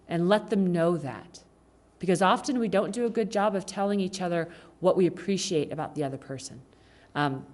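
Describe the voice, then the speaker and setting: Lively woman talking to a congregation. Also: fairly low pitch. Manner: conversational, animated, acts out quoted speech. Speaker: guest speaker at a church service. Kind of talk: informal talk to a congregation. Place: church.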